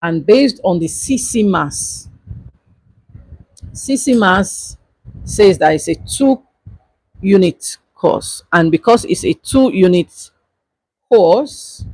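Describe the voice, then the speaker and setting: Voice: mid-range voice, animated, slow pace, pauses often, a little mellow, husky, dry recording, low-quality recording. A lecturer giving a livestreamed exam-review lesson, repeating instructions with emphasis. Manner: repetitive, emphatic instructions to students.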